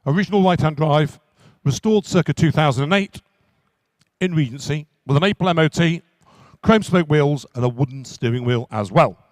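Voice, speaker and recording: Man, auctioneer, high voice, rapid repetitive bid calling, dry close mic. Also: no room sound. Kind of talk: live car auction calling.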